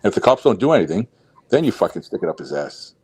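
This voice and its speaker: A man's voice: low-pitched, big pitch swings, fast, a little mellow, slightly rough, dry recording. A man in casual chat, blunt and profane, giving advice.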